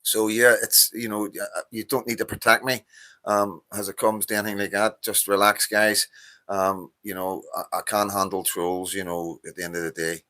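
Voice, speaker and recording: A man's voice: fairly low pitch, level tone, moderate pace, bright, forceful tone. A tired middle-aged man with a Northern Irish accent, hosting a casual live stream and rambling with many fillers as he greets viewers. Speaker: livestream host.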